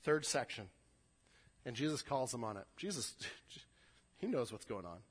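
A man's voice: medium pitch, very animated, measured pace, breathy edge. A young adult male pastor preaching an earnest sermon, often repeating words as he builds a point. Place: church sanctuary. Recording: long hall reverb.

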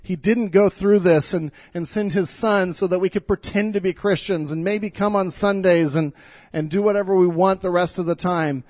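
A man's voice: high voice, steady tone, normal speed, a little mellow, dry recording. A middle-aged male pastor giving an earnest, pleading sermon in church, often repeating words as he speaks.

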